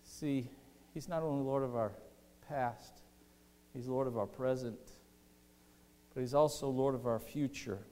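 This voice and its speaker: A man preaching a sermon as pastor, impassioned, swinging between loud outbursts and hushed, tender lines. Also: medium pitch, steady tone, unhurried, long pauses, a little hiss or hum. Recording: reverberant hall.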